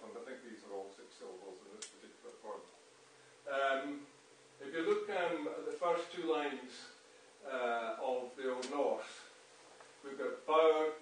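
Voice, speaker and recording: A man giving a poetry reading and talk, reading verse slowly and with weight, then explaining with many ums and restarts. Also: mid-range voice. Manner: reads verse slowly with strong emphasis, explains with many fillers. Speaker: poet and translator giving a reading. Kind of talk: public reading and lecture on poetry. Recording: very echoey room, distant mic, faint noise.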